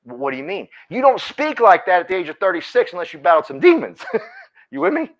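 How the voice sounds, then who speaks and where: A man's voice: sits high, sing-song, fast. A man giving a motivational talk at a team meeting, speaking emphatically and calling on listeners by name. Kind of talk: motivational talk to a live audience.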